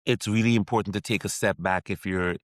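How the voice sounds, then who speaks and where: A man's voice: lowish voice, fairly even intonation, a little fast, dry recording. A middle-aged man from Trinidad and Tobago, a sports psychiatrist giving a podcast interview, who speaks reflectively with frequent restarts.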